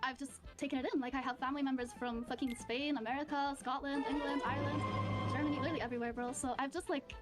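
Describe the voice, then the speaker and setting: High, fast-talking woman streamer. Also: fairly even intonation, music in the background. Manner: rambling, laughs often, many fillers. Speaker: streamer guest. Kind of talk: casual stream chat.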